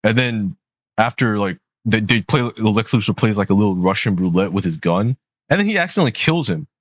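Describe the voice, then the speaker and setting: Low-voiced man rambling a casual film recap. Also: expressive, brisk, no echo. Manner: loose slangy talk, many fillers, swears when exasperated. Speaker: movie reviewer. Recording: dull lo-fi sound.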